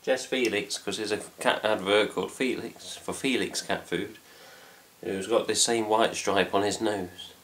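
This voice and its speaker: A middle-aged man with an English accent talks casually to camera from his home, hosting a fan news update. His voice sits very low. He rambles and drops mild swear words throughout. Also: fairly even intonation, a little slow, a bit bright. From England. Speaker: fan site host. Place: home room with cats.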